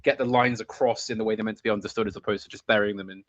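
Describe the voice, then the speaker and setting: Brief: quick, chatty man who laughs often and slips into impressions. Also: lowish voice, fairly even intonation, no room sound, lo-fi sound. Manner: chatty, laughs often, enjoys mimicking voices. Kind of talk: casual chat.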